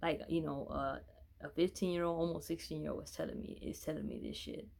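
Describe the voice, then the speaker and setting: Gravelly rambling young man. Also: fairly high pitch, huge pitch swings, brisk, darkish tone. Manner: rambling, self-correcting, swears often. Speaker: vlogger telling a personal story. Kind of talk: casual storytime.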